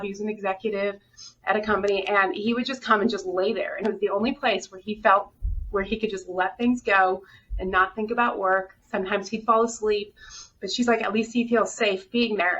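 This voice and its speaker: A middle-aged woman, director of a hospital, gives a candid, earnest interview in a mid-range, fairly bright voice. Her storytelling is openly emotional, sometimes bringing her near tears, and the sound is dull and far-off with a little noise.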